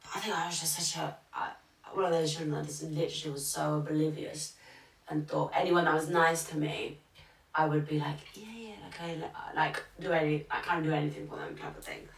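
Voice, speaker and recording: Low gravelly woman, rambling chat. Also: level tone, brisk, far from the mic. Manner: rambling, lots of fillers and restarts. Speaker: podcast co-host. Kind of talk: casual chat. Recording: roomy, off-mic sound.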